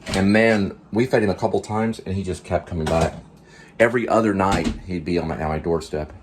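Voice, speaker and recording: A man's voice: low voice, brisk, background noise. A man hosting a casual cooking and pet vlog at home, rambling in an easygoing way with many filler words while he eats. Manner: talks while eating. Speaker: vlog host.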